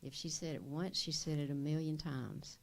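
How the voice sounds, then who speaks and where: A woman's voice: deep voice, steady tone, normal speed, gravelly. An older woman, a board member who speaks in a folksy, anecdotal and appreciative way at a public meeting.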